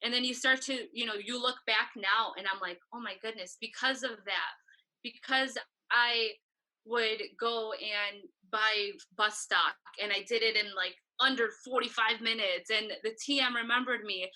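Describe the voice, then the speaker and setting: Bright-voiced woman telling animated stories. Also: on the high side, a little slow, low-quality recording. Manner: animated storyteller, acts out quoted exchanges. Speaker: guest photographer. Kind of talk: casual interview talk.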